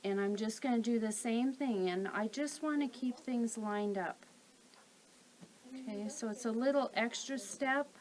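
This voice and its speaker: A woman calmly talking through a sewing tutorial step by step while she works. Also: on the high side, measured pace, poor audio. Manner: calm, methodical, talks while working. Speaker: quilting instructor.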